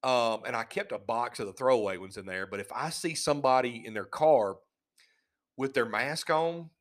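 A man's voice: mid-range voice, moderate pace. A man hosting a solo podcast, talking in a sarcastic, mocking, rambling way. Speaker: podcast host. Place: living in a van.

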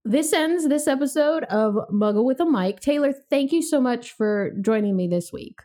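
A woman with a fairly high voice hosts a relaxed podcast conversation from a home setup. She keeps things playful and laughs easily between remarks. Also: moderate pace. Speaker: podcast host. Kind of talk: casual chat.

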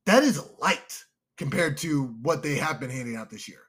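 A young man co-hosting a casual podcast chat, excitable and emotional, calling his listeners "y'all". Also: fairly high pitch, moderate pace, husky. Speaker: podcast co-host.

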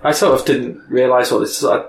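A man co-hosting a casual music chat, talking in an animated way, laughing and quoting his own reactions. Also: mid-range voice, quick pace, creaky, reverberant, a little hiss or hum, rough recording. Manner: animated, laughs, quotes himself. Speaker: podcast co-host.

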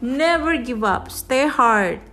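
A woman reading a children's storybook aloud with lively, expressive delivery. Her voice is high and swings widely in pitch, and she takes her time. Soft music plays faintly behind her. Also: slow pace. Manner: animated, expressive. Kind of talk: reading a picture book aloud.

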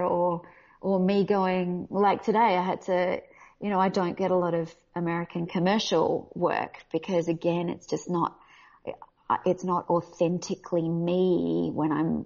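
An Australian actress speaking candidly and animatedly in a casual interview, often laughing. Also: female voice, fairly low pitch, gravelly, darkish tone. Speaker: voice actor guest. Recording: dull lo-fi audio.

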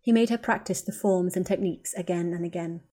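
A woman narrating a story in a steady, even-paced reading. Her voice sits slightly low for a woman, and she delivers the prose in a scripted audiobook style. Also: a little fast. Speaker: audiobook reader. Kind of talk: scripted narration of fan fiction.

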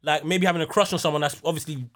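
A man's voice: a little high, fairly even intonation, rapid-fire, a bit bright. A young man, telling a rambling story in heavy slang on a casual podcast. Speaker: podcast host. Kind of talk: casual chat.

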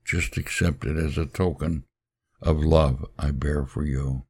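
A man's voice: rumbling low, fairly even intonation, measured pace, a little mellow, breathy edge, full character voice. A man voicing an old male pearl diver, proud and devoted, in a solemn storybook telling. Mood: pleading. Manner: solemn, earnest pleading.

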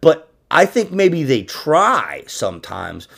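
A male podcast host talks in loose, casual chat, swearing often and getting worked up quickly. His voice sits a little high with a gravelly edge, and it swings up and down a lot as he talks. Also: huge pitch swings, fairly bright tone.

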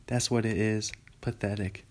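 A man's voice: fairly low pitch, fairly even intonation, moderate pace, darkish tone, natural voice. A man doing a gloomy old donkey. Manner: mournful, sighing complaints.

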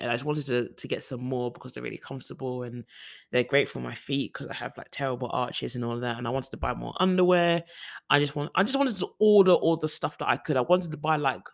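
A man's voice: mid-range voice, brisk, gravelly. A young man from the UK talking casually in a personal vlog, rambling with frequent restarts and fillers. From United Kingdom. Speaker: vlogger.

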